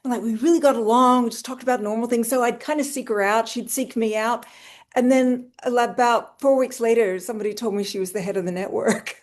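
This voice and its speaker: A woman's voice: on the high side, fairly even intonation, brisk. A middle-aged woman, a guest actor, telling stories in an easygoing, chatty way over a video call. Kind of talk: casual podcast chat.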